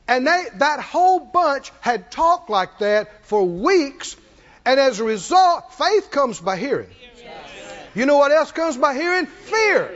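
High, animated man preaching a sermon. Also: measured pace, dull audio. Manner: dramatic swings from shouts to hushed tones.

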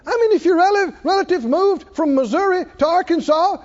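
A man preaching a sermon to a congregation, slow and measured, building up to shouted exclamations. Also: extremely high pitch, animated. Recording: dull lo-fi recording.

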